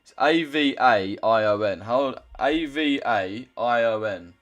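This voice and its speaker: A man's voice: mid-range voice, lively intonation, takes it slowly, hardly any pauses, fairly bright tone, soft background music. A young man chatting casually on a trading livestream, loose and chatty, swearing now and then as he reads out chat.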